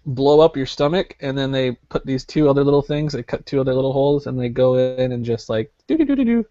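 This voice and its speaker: A man's voice: mid-range voice, level tone, brisk, dark tone, dry recording. A young man co-hosting a podcast, telling a story casually with lots of filler words. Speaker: podcast co-host. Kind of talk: casual chat. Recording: slightly dull lo-fi podcast audio.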